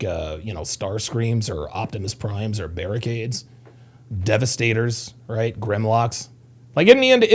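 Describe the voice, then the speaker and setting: A man's voice: medium pitch, creaky. A man in his thirties hosting a casual livestream, rambling and profane as he reads chat comments. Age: 30s. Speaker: livestream host.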